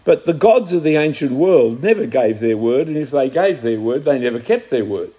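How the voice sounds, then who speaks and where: A man's voice: mid-range voice, expressive, normal speed, warm tone, husky, highs cut off. A man preaching a conversational sermon, teaching from scripture and asking his listeners questions.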